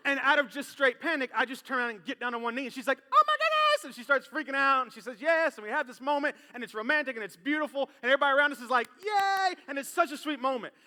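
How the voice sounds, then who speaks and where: A man's voice: extremely high pitch, very fast, hardly any pauses. A man preaching a sermon in a church, telling a personal story and acting out the voices in it. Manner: animated, acts out voices in his story. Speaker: pastor. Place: church sanctuary. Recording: long hall reverb in church.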